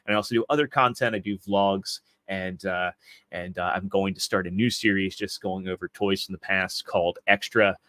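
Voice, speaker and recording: A man in his thirties, a guest on a casual podcast, telling stories about his life in a rambling way and often restarting his sentences. His voice is fairly low, and the sound is dry and close. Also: steady tone, moderate pace, bright, forceful tone, dry recording. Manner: rambling storyteller with frequent restarts. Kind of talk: casual interview chat.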